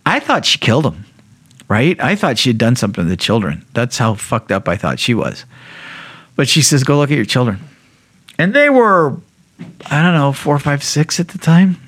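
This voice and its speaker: A man, a podcast guest, telling a raw personal story with blunt, profane language and frequent restarts, acting out quoted voices with sudden jumps in pitch. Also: very animated, moderate pace, fairly bright tone, breathy edge, no room sound.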